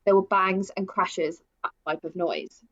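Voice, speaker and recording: A woman's voice: fairly low pitch, steady tone, a little slow, a bit bright, muffled recording. A woman co-hosting a casual true crime podcast, talking in a chatty way with fillers. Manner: chatty, with frequent fillers and laughs. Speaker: podcast co-host.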